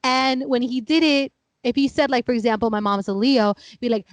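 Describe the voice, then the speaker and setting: Animated, chatty woman in her thirties, fairly high. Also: a little fast, no room sound. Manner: animated storyteller, acts out family members; laughing, chatty. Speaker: podcast co-host. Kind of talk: casual chat.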